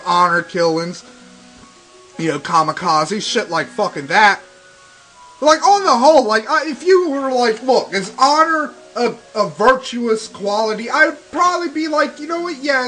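High-pitched ranting young man. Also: fairly bright tone, husky, poor audio. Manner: ranting, sarcastic, swears constantly. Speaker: let's play commentator. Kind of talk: profane game commentary. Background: game music.

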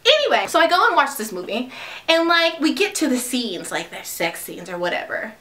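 A woman's voice: high voice, sing-song, brisk, pushed and bright. A young adult woman giving a casual, chatty movie review with lots of fillers. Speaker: vlogger.

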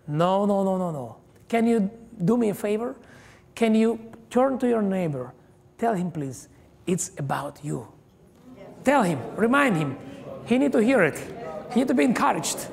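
A man preaching a sermon as a guest pastor, emphatic and halting, with many hallelujahs and non-native phrasing, recorded in a church hall. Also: high voice, lively intonation, gravelly, a little mellow. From Israel. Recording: long reverb of a large church hall.

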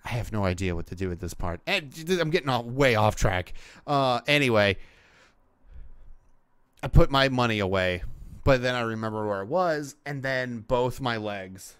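A man's voice: medium pitch, expressive, moderate pace, fairly bright tone, clear, resonant tone, no echo, clean studio sound. A man hosting a solo podcast, chatting casually in a rambling way with lots of swearing and fillers. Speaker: podcast host. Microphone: podcast microphone.

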